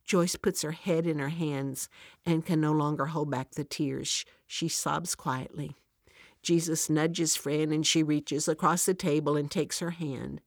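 A woman's voice: sits low, fairly even intonation, unhurried, dry recording, studio quality. A woman giving an earnest devotional talk, telling a story and speaking directly to the listener.

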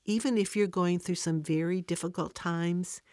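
A woman's voice: lowish voice, steady tone, normal speed, darkish tone, no room sound, studio quality. A woman giving an earnest devotional talk, telling a story and speaking directly to the listener.

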